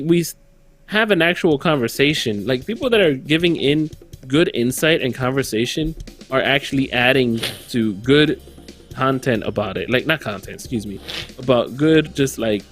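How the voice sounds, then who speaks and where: A man's voice: medium pitch, fairly bright tone. A man co-hosting a podcast in casual chat, rambling and stopping to search for words. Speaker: podcast co-host.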